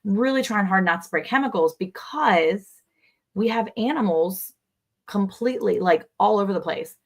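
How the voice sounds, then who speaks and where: A woman's voice: mid-range voice, animated, normal speed. A woman co-hosting a casual livestream chat, talking freely and greeting viewers by name. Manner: chatty, reads out viewer comments. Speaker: livestream co-host.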